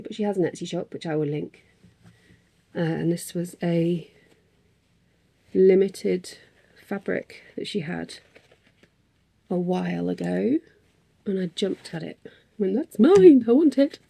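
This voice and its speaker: A woman's voice: on the low side, steady tone, a little slow, creaky, pauses often, mellow. A woman in a casual craft vlog, chatting in a rambling way with frequent ums and little laughs. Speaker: craft vlogger. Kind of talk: casual chat.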